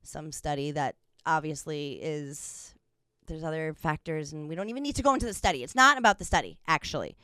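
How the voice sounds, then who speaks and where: Young woman co-host, loose giggly chatter, crisp voice, dry room. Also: low voice, a little fast, sharp tone, no room sound. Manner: rambling, giggly, lots of fillers. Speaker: podcast co-host. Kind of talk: casual chat.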